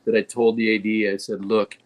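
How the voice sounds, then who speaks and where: Earnest low-voiced male guest. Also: level tone, a little fast. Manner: earnest, rambling, with restarts. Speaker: guest actor. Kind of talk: casual interview chat.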